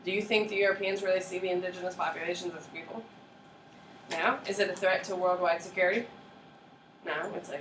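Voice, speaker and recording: Woman teacher mid-lecture, lively and checking in a lot, recorded from a distant camera in an echoey classroom. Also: on the low side, a little fast, noisy background. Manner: lively, checks in with students often. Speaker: history teacher. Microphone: far camera.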